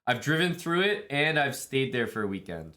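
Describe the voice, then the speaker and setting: A man's voice: mid-range voice, sing-song, normal speed, bright, forceful tone. A man streaming live, chatting casually with viewers and thanking them, laid-back and jokey. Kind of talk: casual stream chat, reading viewer messages.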